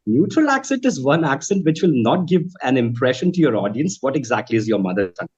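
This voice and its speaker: Male trainer, mid-pitched, earnest and advising, courteous guest, slightly muffled lo-fi audio. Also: sing-song, quick pace, darkish tone, husky. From India. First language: Bhojpuri. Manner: earnest, advising, keeps saying ma'am and right. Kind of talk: interview answers.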